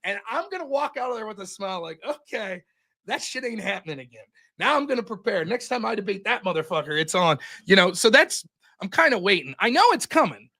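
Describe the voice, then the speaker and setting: A young man telling a story on his stream in a profane, animated way, as the host of the show. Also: sits high, quick pace.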